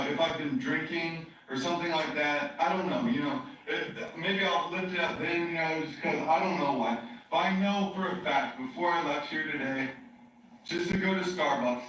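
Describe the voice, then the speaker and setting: A man's voice: on the high side, fairly bright tone, a little hiss or hum. A man in a rambling, agitated monologue, repeating himself with many fillers, heard as a recording played back in a courtroom. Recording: very echoey playback heard from far off.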